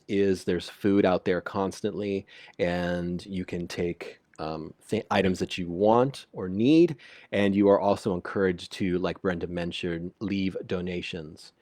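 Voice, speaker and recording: A man's voice: sits low, no echo, clean studio sound. A man hosting a live local community radio show, chatting casually, stammering and restarting as he reads out listener comments. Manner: stammering, frequent fillers and restarts; reads out listener comments and gives shout-outs. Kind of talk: live call-in community chat. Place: at a home computer.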